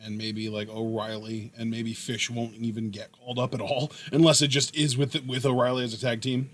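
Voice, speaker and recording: A man's voice: medium pitch, level tone, fairly quick. A young man hosting a podcast in casual chat, rambling through long questions. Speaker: podcast host.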